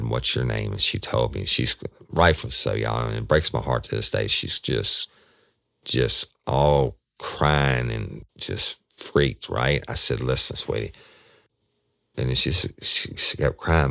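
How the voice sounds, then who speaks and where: A man's voice: a bass voice, creaky, a bit bright, no room sound, studio quality. A middle-aged man, a former detective, telling a case in a folksy, casual way, often quoting himself and talking straight to his listeners. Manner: folksy, addresses listeners as y'all, quotes himself at length. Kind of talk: casual spoken storytelling.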